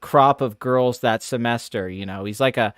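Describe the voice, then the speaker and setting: A man's voice: mid-range voice, normal speed, fairly bright tone, smooth, no echo. Podcast co-host, man, crude rambling ranter, clean dry recording. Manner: crude, profane, rambling rants. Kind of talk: casual podcast chat.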